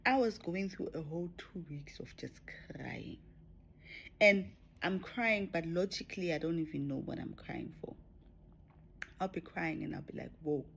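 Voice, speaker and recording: Low-voiced woman sharing spiritual experiences. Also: moderate pace, creaky, breathy edge. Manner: reflective, drifts into soft whispers and laughs. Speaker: spiritual vlogger. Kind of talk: personal spiritual talk to camera.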